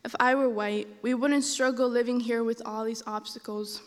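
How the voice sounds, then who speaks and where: A woman's voice: on the high side, steady tone, moderate pace. A young woman, a first-year student whose first language is Spanish, telling a personal story on stage in an auditorium. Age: young adult. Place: large auditorium. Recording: long hall reverb.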